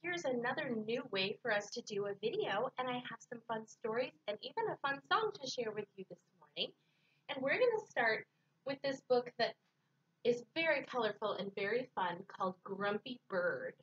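A woman librarian reading picture books aloud to children in an expressive storytime voice. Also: a little high, normal speed, distant mic, muffled recording.

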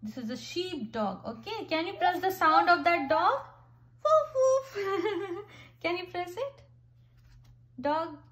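A mother reads an animal picture book aloud with her little one, speaking slowly and patiently. Her voice sits high, and she praises often and gently. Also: animated. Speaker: mother teaching her child. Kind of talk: reading a picture book with a child.

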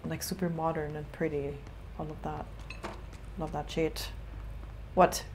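A woman's voice: deep voice, level tone, a little slow, background noise. A woman streamer giving casual, chatty commentary while she plays a game, swearing freely and talking to things on the screen.

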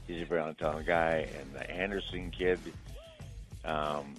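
Deep older man telling stories. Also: steady tone, unhurried, fairly bright tone, soft background music, low-quality recording. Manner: rambling, chuckling anecdotes. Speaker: podcast host. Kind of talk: casual chat.

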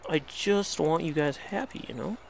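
A man's voice: fairly high pitch, moderate pace, vocal fry, slight background noise. A young man commentating on his game, exasperated and pleading, swearing at the animals as he plays. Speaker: let's play host. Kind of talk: casual gameplay commentary.

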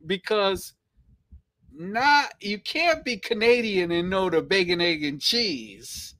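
A man's voice: high-pitched, takes it slowly, sharp tone. A man with a thick New York accent hosting a casual live stream, chatting playfully and reading viewer comments aloud, repeating phrases and chuckling often.

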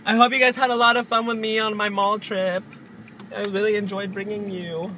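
A man's voice: high-pitched, little pitch movement, normal speed, noisy background. A young man vlogging in a sassy, profane, dramatic rant, recorded on a phone while out and driving. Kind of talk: casual vlog rant. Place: outdoors and in a car.

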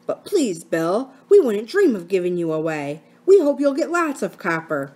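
A woman's voice: medium pitch, sing-song, moderate pace, mellow. A woman voicing an earnest, anxious schoolboy in a storybook reading. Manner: earnest, pleading.

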